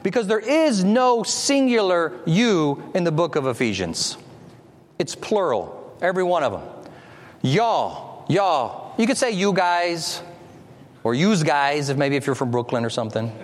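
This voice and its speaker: Animated preacher in a reverberant hall. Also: male voice, high voice, normal speed. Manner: animated, stretches key words, shifts into reading scripture. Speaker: pastor. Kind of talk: sermon.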